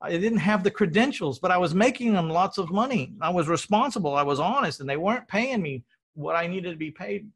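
A middle-aged man from Texas talks through his story in casual conversation. He sounds earnest and a little rambling, and he restarts his sentences as he goes. His voice sits slightly high for a man. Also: expressive, a little fast, hardly any pauses, husky. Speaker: podcast host telling his story.

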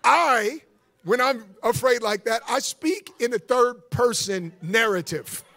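A man preaching a sermon as guest pastor, telling stories in an animated way and calling on the congregation to respond. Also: extremely high pitch, a little slow. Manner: animated storytelling preacher, calls for audience response.

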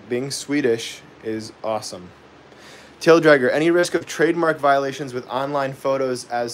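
Chatty man hosting a live carving demo. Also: medium pitch. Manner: thinks aloud with many pauses and fillers; chuckles often, jokey and self-deprecating. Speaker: woodcarving livestream host.

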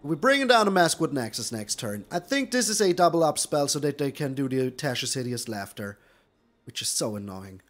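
A man's voice: mid-range voice, very animated, brisk, fairly bright tone. A man hosting a gaming channel, giving live gameplay commentary with theatrical groans and pleas at his opponent.

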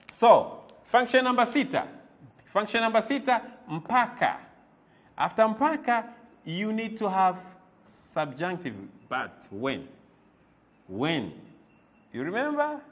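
Man, language teacher, slow deliberate delivery, repeats words, quizzes the listener, high voice. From Tanzania. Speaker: Swahili teacher. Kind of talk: language lesson.

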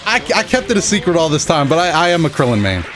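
A young man giving excitable, joking commentary over his own fighting-game matches, yelling at big moments. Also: fairly high pitch, fast, a little hiss or hum. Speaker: gaming channel host. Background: game music.

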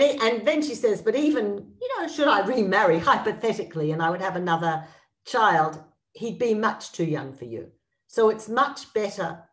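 A woman teaching a text study lesson, reading verses aloud slowly and then commenting, with frequent restarts. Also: medium pitch, recorded from a distance, rough recording. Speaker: Bible teacher.

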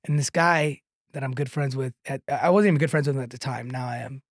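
A man, a comedian and content creator, telling a long anecdote in a podcast chat, animated and tagging lines with "right?", laughing now and then. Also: mid-range voice, fast, no echo, clean studio sound. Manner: laughs through his own story.

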